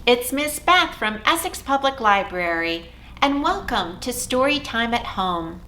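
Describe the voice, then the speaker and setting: A woman children's librarian leading a storytime for young children, talking in an expressive, sing-song way. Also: a little high, over music. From United States. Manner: sing-song, expressive, slow and clear for toddlers. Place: library or home room.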